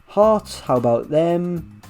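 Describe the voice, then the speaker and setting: A man giving casual, chatty commentary over a management game, with wry asides and lively swings in delivery. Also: on the high side, slow pace, faint music behind. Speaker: gaming YouTuber.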